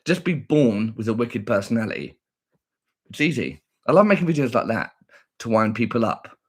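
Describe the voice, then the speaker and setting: A man talks casually to his livestream viewers, teasing and boastful. His husky voice swings up and down in pitch as he jokes. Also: sing-song, moderate pace. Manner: playful, boastful, teasing, sing-song asides. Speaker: livestream vlogger.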